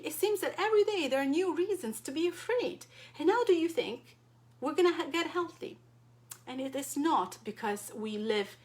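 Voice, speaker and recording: A woman from Europe, a wellness coach, speaking directly and passionately to her support group, full of rhetorical questions. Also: high voice. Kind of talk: impassioned direct-to-camera talk.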